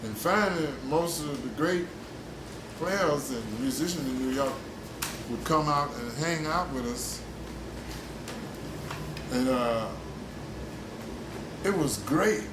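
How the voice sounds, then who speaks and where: Speaking slowly and pausing often, a man in his seventies, a jazz player, reminisces with expressive, mid-range delivery. His tales are salty and street-smart, peppered with "you dig?" The recording is very noisy, with roomy echo and faint background music.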